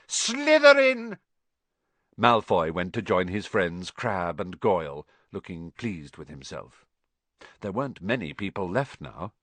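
A man narrating an audiobook with lively, animated delivery, his pitch rising and falling a lot. The recording is dry and close, with no room sound. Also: dry recording. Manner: expressive, animated storytelling.

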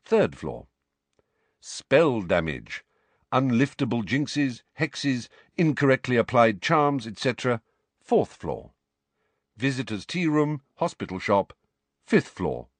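A man reads a storybook aloud in a measured, expressive manner. His pitch moves around a lot as he tells it. The recording is dry and close, with no room sound. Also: no echo. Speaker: audiobook reader. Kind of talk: storybook narration.

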